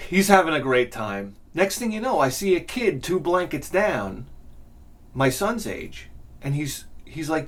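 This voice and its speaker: Middle-aged man, exasperated storytelling rant, swearing, lively swooping pitch. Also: a little slow. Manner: profane, exasperated, animated ranting. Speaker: vlog host. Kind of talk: ranting comedic storytelling.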